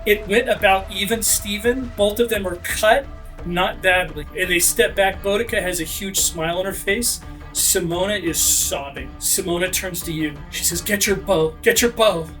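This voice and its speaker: A man as game master, narrating a tabletop role-playing fight with energetic delivery and shouted sound effects. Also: sits high, normal speed, faint music behind.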